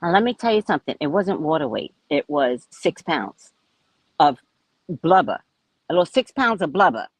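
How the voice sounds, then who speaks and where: A woman vlogger tells her story in a casual, frank way, a little profane at times. Her pitch moves a lot as she talks, rising and dropping. The sound is close and dry, with no room echo. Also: normal speed, breathy edge. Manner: chatty, animated, frank and a bit profane. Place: at a resort.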